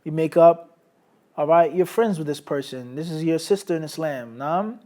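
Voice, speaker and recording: A man teaches a hadith studies lesson in English as part of an Islamic studies lecture, his voice a little high for a man, with a dark tone and normal speed. He uses everyday examples, sprinkles in Arabic terms and keeps checking in with his students.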